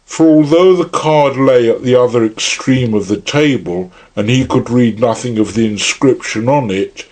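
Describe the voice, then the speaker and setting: A man narrating an audiobook in a measured, unhurried reading style. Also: mid-range voice, darkish tone. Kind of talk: scripted narration.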